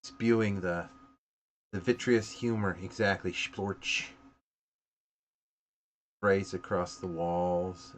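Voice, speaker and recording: A man narrating as game master in a relaxed, descriptive way. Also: low voice, slow pace, a little hiss or hum.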